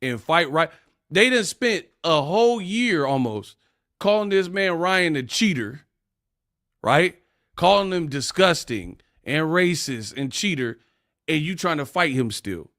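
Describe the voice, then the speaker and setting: A man's voice: a little high, a little slow, dry recording, studio quality. A man hosting a casual boxing commentary rant, mocking and laughing as he talks. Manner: animated, mocking, laughs often.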